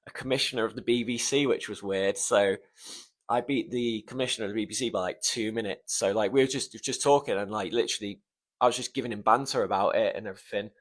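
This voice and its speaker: A man's voice: lowish voice, fast talker. Young male podcast host, casual solo storytelling, emotional and near tears, rambling with frequent swearing. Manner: emotional, swears often, trails off with ums. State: choked up, close to tears.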